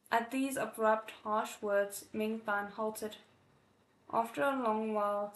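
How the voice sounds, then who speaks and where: A woman reading a novel aloud live, expressive, with emotional asides between passages. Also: on the high side. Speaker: audiobook reader. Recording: echoey room.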